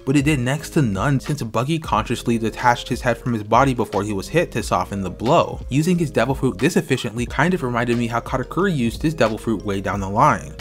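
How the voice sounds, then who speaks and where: A man narrating a scripted video review in an opinionated, critical way, with faint music behind him. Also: medium pitch.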